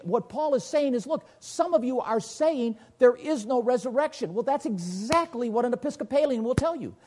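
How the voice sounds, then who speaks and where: Male preacher, high animated delivery, husky dark tone, emphatic and questioning. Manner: emphatic, rhetorical questions, sweeping pitch swings. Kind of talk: sermon.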